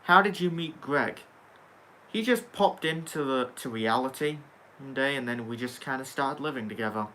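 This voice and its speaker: Young male streamer, bright tone, sarcastic casual banter with chat. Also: medium pitch, expressive, normal speed. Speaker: livestream host reading chat.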